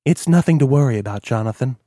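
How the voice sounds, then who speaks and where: A man voicing a gentle, loving older mother who speaks softly and tenderly in a dry, close recording. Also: medium pitch, expressive, fast, no echo, lightly acted. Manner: soft, tender, gentle questioning.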